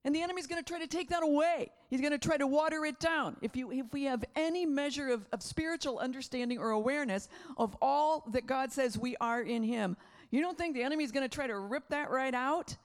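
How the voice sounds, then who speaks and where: Woman preacher, middle-aged, animated, acts out voices, laughs often, slightly high voice. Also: a little fast. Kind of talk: sermon.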